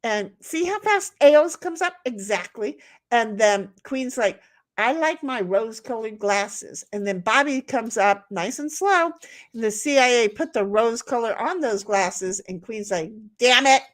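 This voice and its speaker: A woman's voice: a little high, expressive, measured pace. Chatty, blunt Southern woman streamer. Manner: chatty, blunt, swears freely, trails off mid-sentence. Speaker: livestream host reading chat. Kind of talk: casual rambling chat.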